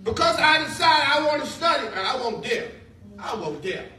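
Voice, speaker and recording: High-voiced shouting preacher in a church. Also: male voice, normal speed, far from the mic. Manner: animated, shouting preacher with call-and-response. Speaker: pastor. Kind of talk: sermon. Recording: echoey hall from afar, congregation. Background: congregation responding.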